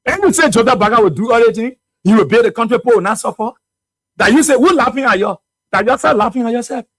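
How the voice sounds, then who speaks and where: A man with a Liberian English accent hosting a radio talk show, giving animated, mocking political commentary and laughing often. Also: very high voice, fast talker, no room sound.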